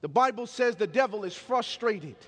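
Man, preacher, sermon, very high voice, long hall reverb. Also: lively intonation, moderate pace. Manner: storytelling, emphatic, call-and-response.

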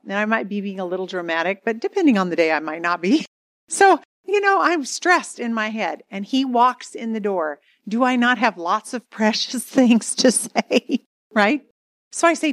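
A middle-aged woman speaking at a marriage seminar, telling an animated, dramatic story to an audience. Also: fairly high pitch, no echo, studio quality.

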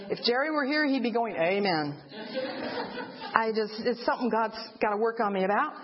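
A woman giving an earnest personal faith testimony as a widow, telling her story plainly and rising in pitch when she relives her cries. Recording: dull lo-fi recording.

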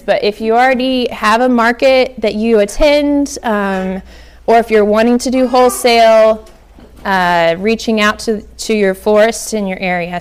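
A woman's voice: on the high side, clear, resonant tone. A young woman from Oklahoma giving a casual workshop talk on flower farming, chatty with many ums and likes.

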